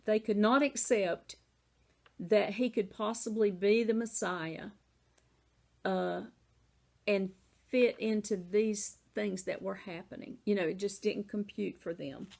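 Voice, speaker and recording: A woman's voice: mid-range voice, slow, gravelly, darkish tone. A woman with a Southern American accent teaching a Bible lesson in a casual, conversational way, often saying "you know".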